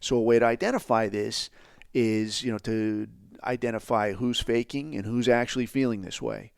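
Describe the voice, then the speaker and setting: A man delivers a profane, sarcastic podcast rant in an ordinary mid-pitched voice. His talk is blunt and loose, full of asides. The sound is dry and close, with no room echo. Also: fairly even intonation, moderate pace, vocal fry, smooth. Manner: blunt, sarcastic, heavy swearing. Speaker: podcast host. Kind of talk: profane ranting commentary.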